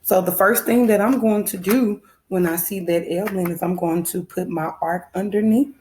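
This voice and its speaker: A little hiss or hum sits behind this woman's warm, medium-pitched voice, which moves at a normal speed. With a Southern American accent, the first grade teacher patiently leads young children through a phonics lesson and repeats her instructions.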